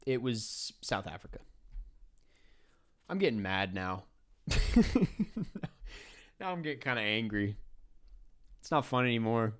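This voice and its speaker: A man hosting, thinking aloud and swearing softly as he plays a geography guessing game, into a close desk mic. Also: fairly low pitch, animated, moderate pace, long pauses, clean tone. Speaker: podcast host playing a geography guessing game. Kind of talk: casual gameplay commentary.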